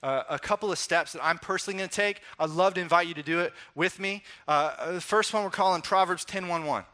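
Young male pastor, bright voice, casual animated sermon delivery. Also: high-pitched, fast talker. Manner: conversational, animated storytelling with acted-out quotes.

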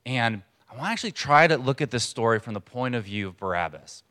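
A man preaching a sermon in a church to a congregation, in a conversational, earnest way with pauses for emphasis. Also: mid-range voice, expressive, bright, forceful tone. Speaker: pastor.

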